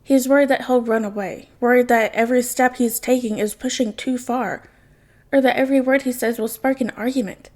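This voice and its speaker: A woman with a fairly high voice reads a story aloud, soft and unhurried in her narration. Her delivery is a calm, plain audiobook reading. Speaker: podfic reader. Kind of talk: reading fan fiction aloud.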